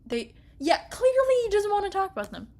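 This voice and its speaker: High-voiced young woman ranting in disbelief. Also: wildly swooping pitch, fairly quick, mellow. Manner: exasperated, ranting with frequent laughter. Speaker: streamer reading an interactive story. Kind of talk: casual reaction commentary.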